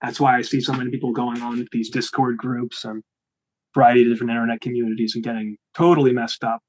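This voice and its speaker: Young guy, interview guest, rambling and animated, mid-pitched. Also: fast talker, slight background noise, rough recording. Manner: rambling, animated, frequent restarts. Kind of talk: casual interview chat.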